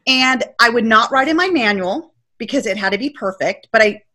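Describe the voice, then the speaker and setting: A woman's voice: a little high, brisk. A woman in her forties, a podcast guest, telling her story casually and acting out her own panicked quotes. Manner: animated, acts out her past self's panicked quotes.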